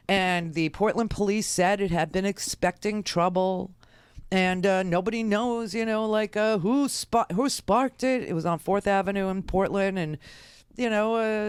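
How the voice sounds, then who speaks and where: A middle-aged woman radio host rants with indignant exasperation, stumbling over fillers and restarts. Her voice is smooth and resonant, recorded close and dry on a studio mic. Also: medium pitch, dry recording. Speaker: radio talk show host. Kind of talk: political commentary monologue. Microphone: studio microphone.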